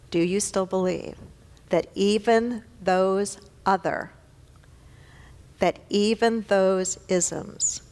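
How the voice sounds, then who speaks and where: A woman's voice: medium pitch, a little mellow. Woman minister preaching in a reverberant hall. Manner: earnest, conversational preaching with repeated phrases. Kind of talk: sermon. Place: large church sanctuary.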